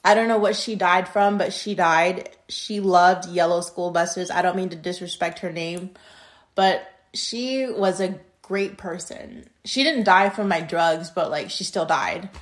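A young adult woman hosts a podcast, rambling through a story in a casual, profane, blunt style. Her volume jumps between emphatic bursts and muttered asides, and her voice sits on the low side at a slightly slow pace.

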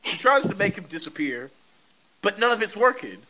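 High, bright-voiced man recapping animatedly. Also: normal speed, rough recording. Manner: animated storytelling, laughs often. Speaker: podcast host. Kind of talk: casual episode recap.

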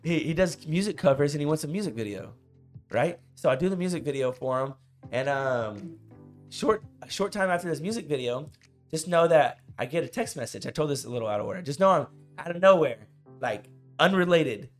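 A young man co-hosting a podcast, telling a story in casual chat, animated and laughing often. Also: a little high, fairly quick, soft background music. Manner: animated, laughs often, says "bro" and "I was like". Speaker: podcast co-host.

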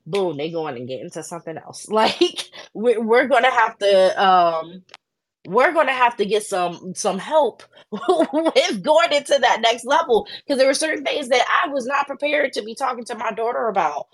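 Animated woman co-host chatting. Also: on the high side, normal speed. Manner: animated storytelling with acted quotes. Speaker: podcast co-host. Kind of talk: casual chat.

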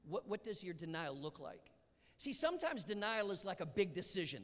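Preacher, male, lively sermon delivery with acted dialogue and whispers, higher-pitched, reverberant church hall. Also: moderate pace. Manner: animated, acts out Bible dialogue, drops to whispers. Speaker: pastor. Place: church sanctuary.

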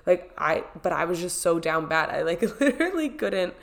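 A young woman with a lowish, gravelly voice talks casually while fighting a cold. She rambles warmly through fillers and little laughs in a loose, chatty vlog style. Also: big pitch swings, normal speed. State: sick with a cold. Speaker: wellness vlogger. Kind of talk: casual chat.

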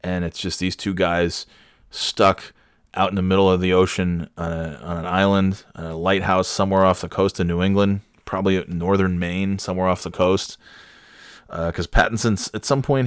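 A man's voice: low-pitched, little pitch movement, moderate pace, clear, resonant tone, no room sound, clean studio sound. A man chatting casually about a movie, rambling and profane, mocking himself as he goes.

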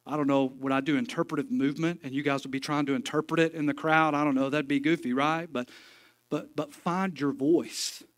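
A man preaches to his church in a folksy, joking way. His voice sits a little high, and he leans hard into emphatic points. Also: fairly even intonation, quick pace, hardly any pauses. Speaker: pastor. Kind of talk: sermon. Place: church sanctuary.

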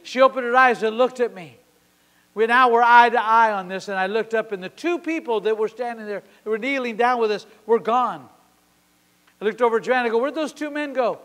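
A man in his sixties preaching a sermon at a church service. He tells a story with passion, swinging from sudden loud peaks to quiet drops. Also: very high voice, a little fast. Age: 60s. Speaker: pastor. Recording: long hall reverb.

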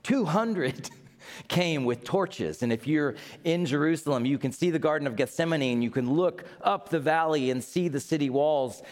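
A man's voice: on the high side, moderate pace. A man, the pastor, preaching an Easter sermon with dramatic, rising emphasis.

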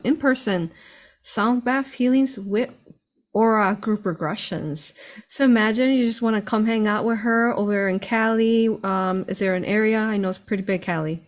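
Gushing woman hosting a roundtable. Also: fairly high pitch. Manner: gushing, affirming. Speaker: host. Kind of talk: hosting a video-call roundtable. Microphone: video call.

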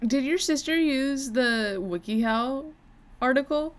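A woman's voice: high-pitched, unhurried. A woman co-hosting a podcast in casual chat, joking, swearing casually and laughing often. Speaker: podcast co-host.

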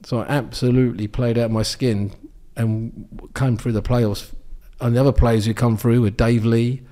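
Warm in tone and medium in pitch, this man speaks at normal speed with little pitch movement. He's an English ex-darts champion in his sixties, guesting in a casual interview and telling rambling anecdotes full of ums and restarts.

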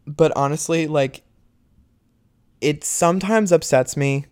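A young man talks straight to his viewers in a slow, easy way. His voice is smooth and clear, recorded close with no room sound. He rambles candidly, laughs often and swears freely. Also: on the high side, darkish tone, no room sound. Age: young adult. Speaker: vlogger. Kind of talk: casual talk to camera.

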